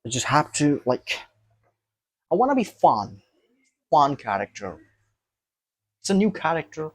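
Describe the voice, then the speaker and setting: A man's voice: a little high, big pitch swings, a little slow. A young man vlogging to his camera, thinking aloud in an emphatic, rambling way, repeating himself and swearing.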